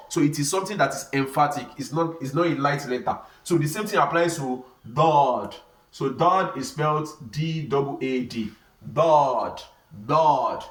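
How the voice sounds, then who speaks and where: A man teaching a beginner Arabic lesson, often asking "what?" and answering himself, spelling and repeating letter sounds slowly. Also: on the high side, fairly bright tone. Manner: asks rhetorical "what?" questions and answers them himself. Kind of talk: beginner language lesson at a board. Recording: echoey room, mic at a distance.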